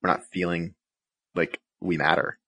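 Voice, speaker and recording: A man's voice: deep voice, flat delivery, moderate pace, sharp tone, dry recording. A man hosting a podcast interview, reflecting aloud and thinking through his words with many fillers. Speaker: podcast host. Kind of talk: conversational interview.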